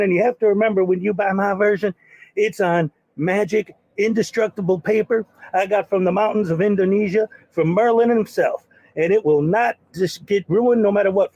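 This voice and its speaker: A man playing a boastful scamming salesman in a comedic parody skit, with a sleazy sales-pitch manner. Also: a little mellow. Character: boastful scammy male con man hawking junk.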